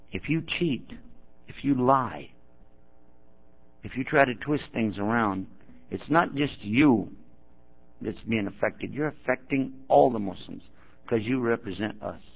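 Gravelly preacher on a tinny recording. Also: male voice, medium pitch. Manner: acts out quoted speakers in his stories; addresses the audience directly and prods them. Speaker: Muslim preacher. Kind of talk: storytelling talk to an audience.

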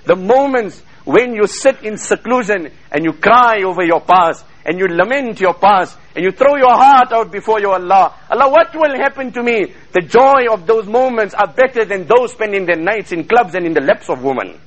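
A man preaching a fervent sermon to a congregation, quoting Arabic in rapid chanted bursts. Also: high voice, lively intonation, a bit bright, low-quality recording. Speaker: Islamic preacher.

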